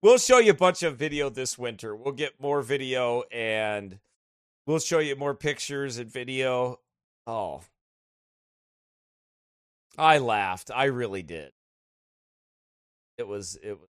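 A man from the United States, a pastor telling stories in casual chat before leading a Bible study, animated and laughing as he talks. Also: medium pitch, slow, long pauses, clear, resonant tone, dry recording, clean studio sound.

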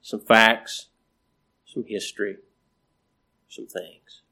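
A man preaching a sermon in a slow, repetitive cadence, with emphatic rises and phrase endings that trail off quietly. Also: lowish voice, level tone, slightly rough.

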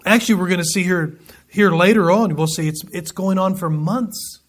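High-voiced man teaching a casual Bible study. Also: moderate pace. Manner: folksy, joking asides between scripture readings.

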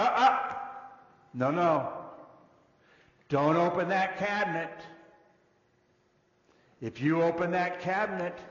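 A man preaching a sermon in an animated way, his delivery moving between loud and hushed. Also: medium pitch. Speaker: pastor. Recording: dull echoey hall recording.

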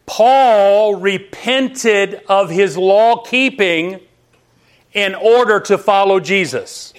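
Emphatic high-voiced male preacher. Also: extremely slow. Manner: emphatic, asks the congregation rhetorical questions. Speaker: pastor. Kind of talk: sermon.

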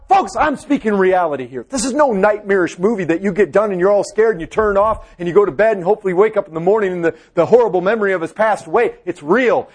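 Male preacher, high husky voice, impassioned delivery that rises and drops. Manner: impassioned, swings from loud high exhortation to low hushed tones. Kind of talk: fervent sermon.

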